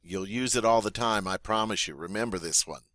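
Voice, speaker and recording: A man teaching a French vocabulary lesson, saying each word clearly and patiently, then asking the learner to repeat it. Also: on the low side, brisk, fairly bright tone, dry recording. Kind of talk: spoken language lesson.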